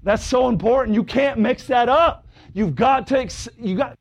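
A man's voice: very high voice, moderate pace. A man preaching a fervent sermon in church, calling out to the congregation and breaking into hallelujahs. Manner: fervent, calls out brother, sister, shouts hallelujah. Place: church service with congregation responding.

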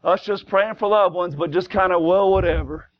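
A man preaching a fiery Pentecostal sermon in a church, swinging from low conversational asides to shouted exhortation in plain, folksy speech. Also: steady tone, fairly quick, highs cut off. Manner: folksy plain-spoken grammar. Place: church sanctuary.

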